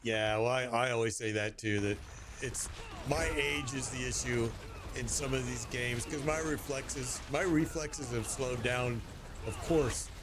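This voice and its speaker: A man's voice: medium pitch, a little slow. Chuckly man in his sixties, noisy stream. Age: 60s. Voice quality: chuckling, storytelling, playful put-on voices for quotes. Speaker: game streamer. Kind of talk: casual chat while gaming.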